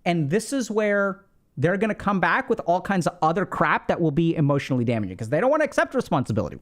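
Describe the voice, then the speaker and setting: A man's voice: sits high, big pitch swings, quick pace. A man giving casual relationship advice in a conversational way, with frequent fillers and tag questions. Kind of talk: casual explanatory talk.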